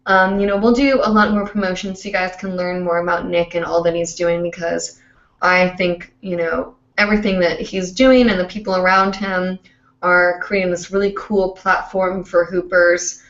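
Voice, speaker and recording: A woman's voice: medium pitch, a bit bright, reverberant, highs cut off. A woman hosting a live online show, rambling and chatty with plenty of fillers, heard over a video call. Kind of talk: casual live-stream chat.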